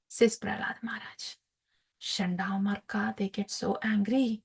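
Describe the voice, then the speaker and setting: A woman teaching a scripture class, telling the story in an animated way with fillers and laughs. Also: medium pitch, measured pace, gravelly, breathy edge.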